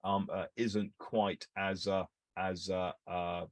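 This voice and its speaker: A man's voice: low-pitched, flat delivery, slow pace, no room sound. A man co-hosting a show, explaining company finances in a casual, hesitant way with many fillers and restarts. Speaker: co-host analysing company finances.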